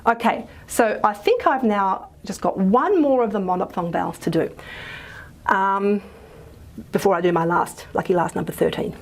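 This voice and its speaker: A woman's voice: medium pitch, moderate pace. A woman with an Australian accent giving a recorded phonetics lecture, chatty and informal, with frequent fillers and self-corrections. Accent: Australian English.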